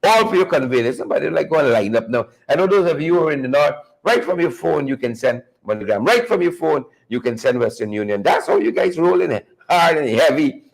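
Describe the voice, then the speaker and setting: A man's voice: a little high, animated, a little fast, creaky, hardly any pauses, rough recording. A man hosting a live morning show, greeting viewers by name and repeating his phrases upbeat.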